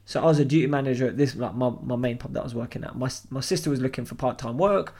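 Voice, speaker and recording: A young man, a podcast co-host telling animated, sweary anecdotes and acting out the people in them. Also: mid-range voice, racing, slightly rough. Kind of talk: casual storytelling chat.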